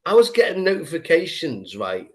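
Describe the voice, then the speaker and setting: A man's voice: a little high, very animated, moderate pace. A man with a Scouse accent hosting a casual podcast chat, talking with eager enthusiasm. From England. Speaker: podcast host.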